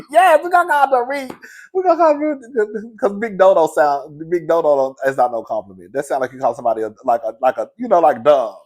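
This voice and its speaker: A young man recapping a reality show in casual, sassy commentary, laughing often and calling the listener "girl". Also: on the high side.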